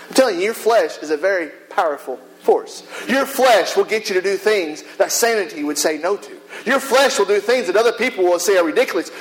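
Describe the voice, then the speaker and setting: High-voiced man preaching a sermon. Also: low-quality recording. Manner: animated preaching, repeating phrases for emphasis. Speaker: pastor.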